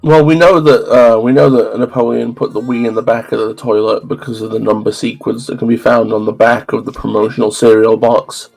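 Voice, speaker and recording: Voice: mid-range voice, flat delivery, fairly quick, creaky, few pauses, a little mellow, soft background music, rough recording. A streamer rambling through a story in casual chat while gaming, with many restarts.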